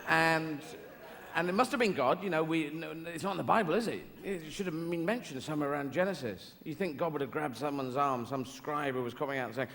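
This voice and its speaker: Rambling man doing stand-up, gravelly. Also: a little high, fairly quick, fairly bright tone. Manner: rambling, digressive, self-interrupting. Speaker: stand-up comedian. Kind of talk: stand-up comedy. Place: large theatre, live audience. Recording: live theatre hall reverb with audience noise. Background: audience ambience.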